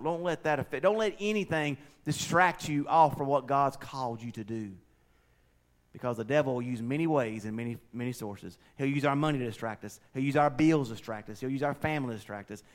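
A middle-aged man preaching a folksy, conversational sermon, swinging between loud and quiet. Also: medium pitch, fairly quick. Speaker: pastor.

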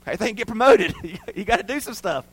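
A man preaching a sermon as pastor, impassioned and folksy, dropping from loud declarations to hushed passages. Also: high-pitched, animated, fast, slightly rough. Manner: impassioned, swings between loud declarations and hushed, quiet stretches; folksy and plainspoken.

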